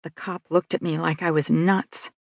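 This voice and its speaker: A woman's voice: on the low side, little pitch movement, moderate pace, vocal fry, no echo, clean studio sound. A woman narrating a novel in the first person with a wry, confiding manner. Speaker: audiobook narrator.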